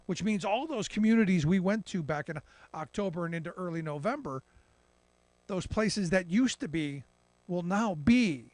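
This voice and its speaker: Radio commentator, male, higher voice, mocking and animated, dry booth. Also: moderate pace, dry recording. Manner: animated, mocking imitations of politicians. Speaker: political commentator. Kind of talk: radio talk show commentary.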